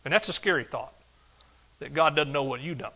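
A man preaching a sermon, animated and joking, acting out excuses in a higher voice. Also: fairly quick. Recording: dull lo-fi sound.

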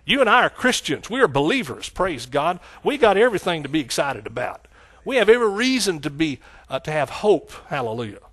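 A middle-aged man with a Texan accent preaching a sermon, exclaiming hallelujah and swinging between loud outbursts and hushed asides. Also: a little high, very animated, brisk, few pauses, slightly rough.

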